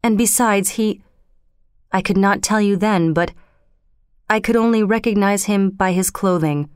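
A woman's voice: medium pitch, unhurried, smooth, no echo, studio quality, natural voice. A woman voicing a weak, frightened old father in a storybook reading. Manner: weak, fearful.

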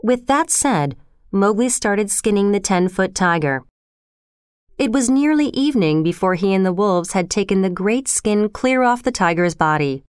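Woman reading a storybook aloud, crisp voice. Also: medium pitch, moderate pace, no echo, studio quality. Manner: steady expressive storytelling. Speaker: storybook narrator. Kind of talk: scripted narration.

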